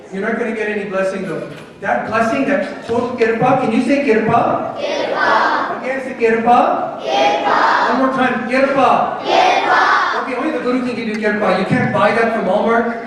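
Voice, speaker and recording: A man's voice: sits high, a little hiss or hum. A man teaching children at a temple program, coaxing and playful, putting questions to the kids. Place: large echoing temple hall. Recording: echoey hall, voice from far off.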